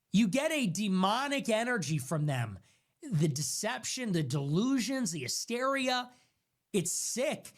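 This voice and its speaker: A man's voice: high-pitched, fairly bright tone. A man delivering heated political commentary in an emphatic, accusatory rant.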